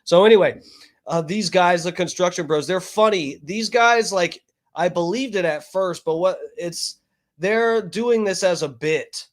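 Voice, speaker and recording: A man with a fairly high voice rambles through casual stream commentary, cursing freely and padding his talk with fillers. He speaks into a desk microphone. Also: unhurried. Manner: rambling, profane, frequent fillers. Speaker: streamer reacting to videos.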